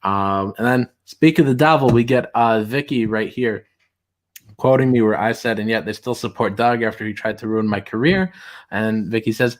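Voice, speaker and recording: A man hosting a livestream, chatting casually and reading comments aloud in mocking voices. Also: normal speed. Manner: reads tweets aloud in mocking high voices, laughs often. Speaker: streamer host.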